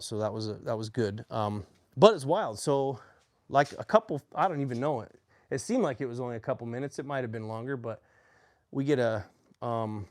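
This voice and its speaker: With a mid-range voice and no echo on the recording, this man in his forties, an army veteran, shares his story as casual storytelling. He speaks plainly but livens up when quoting others.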